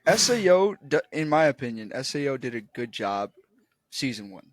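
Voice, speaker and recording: Podcast co-host, male, lively pitch, dry close mic, loose profane banter. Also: normal speed, no echo. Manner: expressive, laughs a lot, swears. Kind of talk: casual chat.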